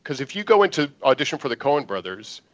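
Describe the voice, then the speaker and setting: A man, an actor guest, telling an animated audition story in an interview and acting out the lines he quotes. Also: mid-range voice, fast, no room sound, dull audio.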